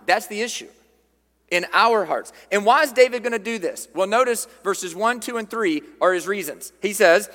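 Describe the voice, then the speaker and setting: A man's voice: high-pitched, moderate pace, fairly bright tone. A man preaching a sermon as pastor, reading scripture aloud and repeating key phrases with emphasis. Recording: long hall reverb.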